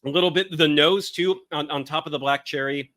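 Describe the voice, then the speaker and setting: A man's voice: fairly high pitch, fairly quick, fairly bright tone, no echo. A man hosting a podcast, chatting casually and eagerly piling up tasting notes. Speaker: podcast host. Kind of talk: casual wine tasting chat.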